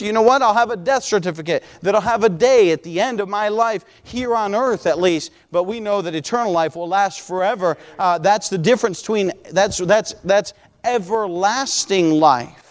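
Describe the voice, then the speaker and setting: Man in his forties, pastor preaching, high voice, emphatic, long reverb. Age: 40s. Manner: emphatic preaching with repeated "hey, listen". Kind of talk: sermon.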